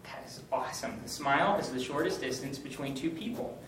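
A young man giving an informal, joking teaching talk to a college group, upbeat and animated. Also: medium pitch, brisk, distant mic. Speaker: campus ministry speaker. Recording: roomy, from the mic, faint hum.

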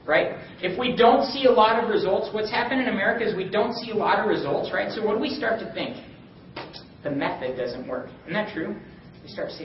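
A high-pitched man teaches a small group, reading scripture and tossing questions to listeners by name. He sounds far from the mic in an echoey room, with a muffled, slightly noisy recording. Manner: animated, calls on listeners by name. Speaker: Bible study teacher.

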